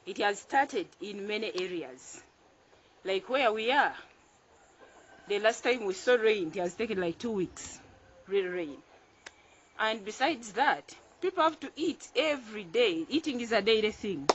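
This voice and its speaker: A woman's voice: mid-range voice, lively intonation, a little slow, slight background noise. A woman farmer hosting her own channel, showing in a casual tutorial how to plant crops outdoors. She repeats phrases as she works with her hands and keeps her tone upbeat and instructive. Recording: dull lo-fi recording.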